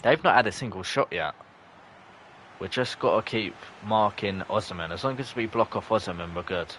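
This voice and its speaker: A young man, streaming live, commenting on the match and chatting with viewers, breaking into shouts at close chances. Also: lowish voice, normal speed, a little hiss or hum. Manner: chatty, bursts into shouts at near misses. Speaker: gaming streamer. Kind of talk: live gameplay commentary and chat reading.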